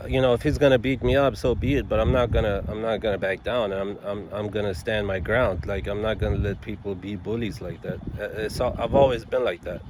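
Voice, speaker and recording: A man, an attorney, telling a story in a casual, animated way, full of restarts and asides. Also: lowish voice, fairly quick, hardly any pauses, noisy background.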